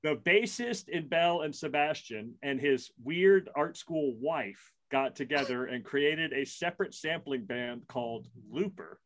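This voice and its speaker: A middle-aged man with a fairly high speaking voice hosts a casual podcast chat. He rambles through his stories and stumbles over restarts. He keeps poking fun at himself as he goes. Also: lively intonation, unhurried, hardly any pauses. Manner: rambling, self-deprecating storyteller with frequent restarts. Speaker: podcast co-host.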